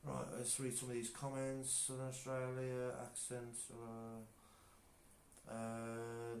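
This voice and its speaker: A man's voice: medium pitch, monotone, slow pace, darkish tone. A man co-hosting a live stream in casual chat, joking and bantering with his partner. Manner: joking, banters and slips into silly voices. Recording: echoey room with faint noise.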